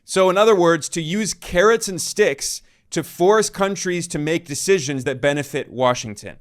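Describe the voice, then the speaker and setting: A male journalist reading a scripted news report in a measured, emphatic way. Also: a little high. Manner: measured, emphatic delivery with quoted passages.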